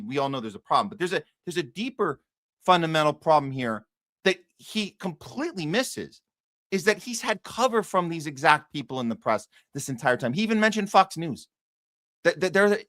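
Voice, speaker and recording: A man's voice: sits high, pushed and bright, no echo, clean studio sound. A man hosting a podcast, giving heated, profane and sarcastic political commentary that often repeats itself. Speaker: podcast host.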